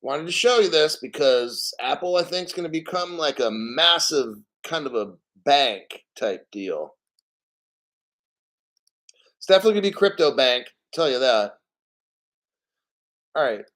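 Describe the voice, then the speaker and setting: A man's voice: fairly high pitch, animated, a little slow, pauses often, a bit bright. A man giving casual live commentary on the news, blunt and profane, a little out of breath. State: slightly out of breath.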